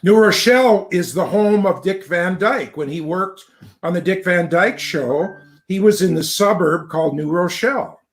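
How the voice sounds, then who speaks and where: A man's voice: high-pitched, moderate pace. A man in his sixties telling old stories with enthusiasm in a casual video chat. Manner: storytelling, reminiscing, enthusiastic.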